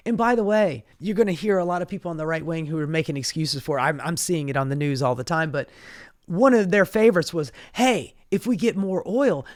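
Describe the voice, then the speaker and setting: Sassy commentator ranting about politics, swears a ton, calls you baby and honey. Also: mid-range voice. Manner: sassy, profane, animated. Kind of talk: profane comedic political rant.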